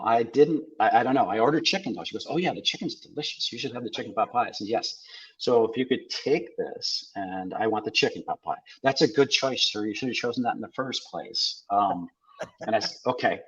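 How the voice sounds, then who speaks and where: Here a fairly low, slightly rough voice comes across animated and bright-ish at a normal speed. It belongs to an older podcast guest from South Dakota who swaps wry stories casually, trading quoted lines, all captured on dull lo-fi audio.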